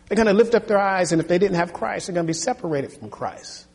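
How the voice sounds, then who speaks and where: A man's voice: sits high, quick pace, hardly any pauses, a little mellow, breathy edge, in a large hall. A male pastor delivering an earnest sermon full of repeated rhetorical questions, in a church.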